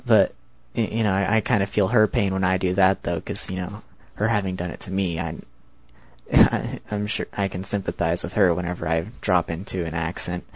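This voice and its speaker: Low-voiced 19-year-old American man. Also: fairly even intonation, moderate pace, no echo. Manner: chatty, rambling. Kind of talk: casual spoken monologue.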